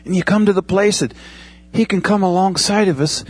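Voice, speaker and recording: Husky-voiced man preaching conversationally. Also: fairly high pitch, quick pace, darkish tone. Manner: conversational preaching with pilot analogies and asides. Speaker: pastor. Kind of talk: sermon.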